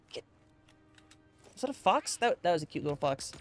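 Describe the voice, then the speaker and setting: A man giving let's-play commentary, excitable, gasping and talking to himself as he plays. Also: a little high, quick pace, gravelly, soft background music. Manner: excitable, gasps and talks to himself. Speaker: gaming YouTuber.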